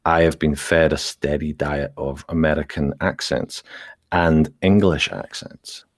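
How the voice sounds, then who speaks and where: A man's voice: extremely low pitch, steady tone, measured pace, no echo, studio quality. A man with a Scottish accent, a guest ASMR creator chatting casually and explaining things with examples. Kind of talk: casual chat.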